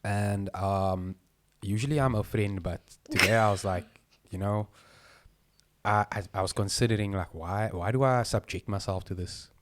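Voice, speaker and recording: A man's voice: fairly low pitch, moderate pace, slight background noise. A man co-hosting a podcast, telling stories animatedly between laughs. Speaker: podcast co-host. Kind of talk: casual chat.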